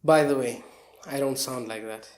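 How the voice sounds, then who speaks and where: A man's voice: mid-range voice, moderate pace, darkish tone. Teasing man with a Durban accent. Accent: South African, Durban. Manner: teasing, interrupting, mock-indignant. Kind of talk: joking banter. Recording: echoey room sound.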